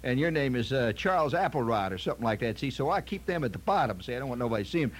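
A man's voice: medium pitch, lively intonation, racing. A man telling a comic story in a folksy, rambling way, often stammering and repeating himself. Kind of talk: comic anecdote monologue.

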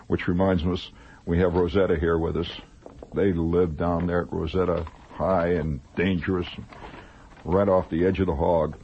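A man's voice: low voice, slight background noise. A man hosting a radio show, reading commercials as rambling, mock-serious jokes from a studio. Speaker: radio host. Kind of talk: comic ad-libbed radio commercials. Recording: dull lo-fi old radio broadcast.

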